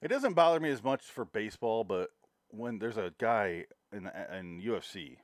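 A man's voice: on the low side, animated, moderate pace, no echo, studio quality. A man co-hosting a movie podcast, talking casually in a wry, blunt way and laughing often. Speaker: podcast co-host. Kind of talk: casual banter about movies.

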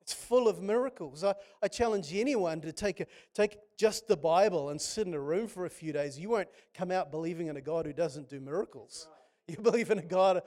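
His voice is fairly high with a darkish tone as he delivers a sermon. The man tells stories impassionedly, often breaking off and starting over.

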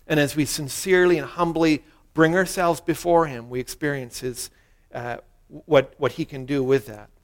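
A male pastor delivering a sermon, his voice sitting noticeably high for a man. He speaks earnestly and leads the listeners through a short prayer for them to repeat. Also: steady tone, normal speed.

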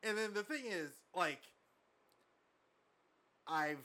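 A man's voice: fairly high pitch, expressive, slow pace, long pauses, bright, forceful tone, clear, resonant tone. A man co-hosting a podcast, talking casually with many fillers and laughs. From from outside the US. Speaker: podcast co-host. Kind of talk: casual chat.

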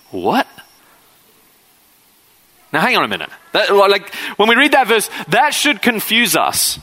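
Bright-voiced preaching man. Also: a little high, big pitch swings, normal speed, rough recording. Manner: conversational preaching, acts out quoted figures. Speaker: pastor. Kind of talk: sermon.

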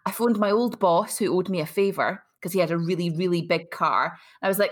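A woman's voice: lowish voice, a little fast, hardly any pauses. A woman in her thirties hosting a casual chat, telling stories and acting out voices. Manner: lively storyteller, acts out voices, laughs. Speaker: host.

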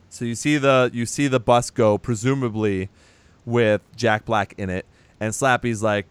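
Male podcast co-host, relaxed and profane, smooth clean voice, dry recording. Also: mid-range voice, a little slow, dry recording. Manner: loose and profane, laughs while retelling scenes. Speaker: podcast co-host recapping a film. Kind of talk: casual chat.

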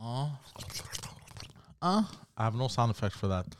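A man's voice: mid-range voice, big pitch swings, a little slow. A man hosting a podcast, bantering crudely with a friend, swearing and teasing. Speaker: podcast host.

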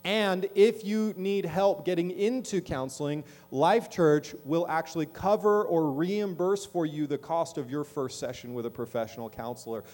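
A man's voice: on the high side, darkish tone. A middle-aged man preaching a sermon as pastor in a church, talking conversationally and often checking in with the congregation. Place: church sanctuary.

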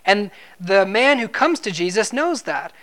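A man's voice: high voice, sing-song, a little slow, fairly bright tone. A man preaching an expository sermon in a conversational way, asking his listeners questions and repeating words when he stresses a point.

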